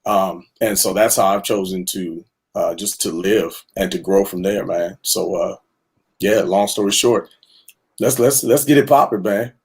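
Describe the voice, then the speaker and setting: Low, husky-voiced male guest. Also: a little mellow. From Houston area. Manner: earnest, halting, with many fillers. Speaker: panel guest, music director and producer. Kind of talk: casual online panel chat. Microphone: video call.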